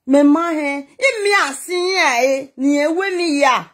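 A woman's voice: sits high, measured pace, a bit bright. A woman vlogger telling a story in Nigerian Pidgin, talking dramatically and emotionally, with a scolding edge. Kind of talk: animated gist monologue.

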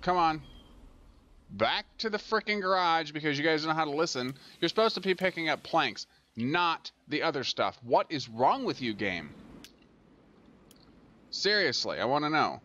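A man with a somewhat high, bright voice and a forceful tone speaks animatedly at a moderate pace. He's a gaming channel host giving casual commentary on a transport tycoon game, grumbling at it aloud whenever something fails.

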